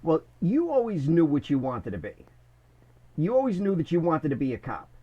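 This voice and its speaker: A middle-aged man from the Bronx, a former corrections officer telling stories in an animated, casual way. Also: fairly high pitch, moderate pace, slightly rough, dull audio. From Bronx, New York. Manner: animated, many restarts, "I says". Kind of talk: casual storytelling.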